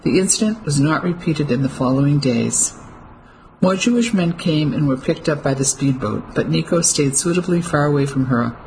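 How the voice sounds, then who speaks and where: An audiobook narrator reading a novel in a measured, steady way. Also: mid-range voice, a little hiss or hum, low-quality recording. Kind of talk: scripted narration.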